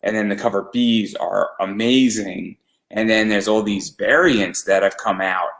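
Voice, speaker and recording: A man hosting an interview, asking a long, rambling question slowly. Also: on the low side, steady tone, creaky, fairly bright tone, reverberant, low-quality recording. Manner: slow, rambling, sentences chained with "and". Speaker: podcast host.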